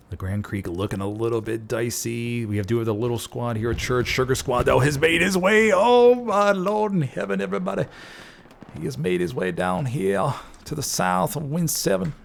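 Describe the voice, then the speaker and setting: A man casting a competitive online shooter match play-by-play, folksy and excitable, jumping up in pitch at big plays. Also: creaky, slight background noise. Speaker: esports caster. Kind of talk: play-by-play game commentary.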